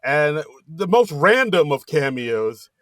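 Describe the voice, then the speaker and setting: A man with a slightly high voice recaps a movie for a podcast in casual chat. He retells scenes with animated energy and now and then jumps into other people's lines. The recording is close and dry, with no room echo. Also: slow. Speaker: podcast co-host.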